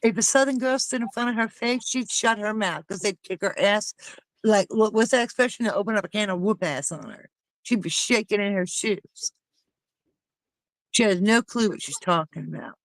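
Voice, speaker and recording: A woman's voice: mid-range voice, moderate pace, no room sound, rough recording. Indignant woman ranting in casual chat.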